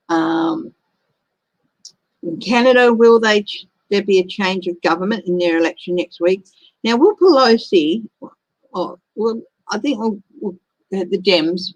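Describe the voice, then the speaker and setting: A woman's voice: mid-range voice, rough recording. A woman, hosting a casual tarot livestream and chatting in a rambling way while she thinks aloud. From Australia. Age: 50s.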